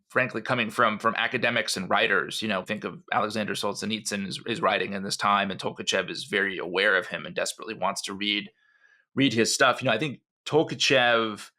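A man co-hosting a history podcast, telling the story in an animated, conversational way with frequent asides. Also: on the low side. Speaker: podcast co-host.

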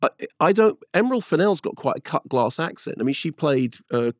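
A middle-aged man from England in casual chat, telling stories in an animated, emphatic, loud way. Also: a little high, fairly quick, dry recording, studio quality. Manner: animated, emphatic storyteller who talks loudly.

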